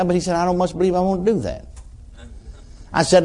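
A male preacher telling a story from the pulpit in a folksy, animated manner. His voice sits a little high and rises and falls freely as he acts out the scene. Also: a little fast. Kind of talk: storytelling sermon.

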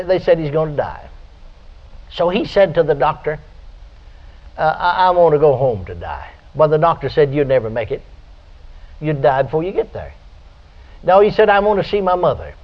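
An older man preaching a folksy radio sermon, telling stories and breaking into high, shouted praise. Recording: dull lo-fi archive radio recording.

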